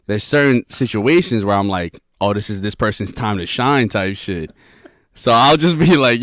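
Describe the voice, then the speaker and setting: A man's voice: on the low side, expressive, normal speed, fairly bright tone, no room sound, studio quality. A young man co-hosting a podcast, rambling with restarts and heavy slang. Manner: rambling, self-correcting, slangy. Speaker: podcast co-host. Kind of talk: casual podcast banter.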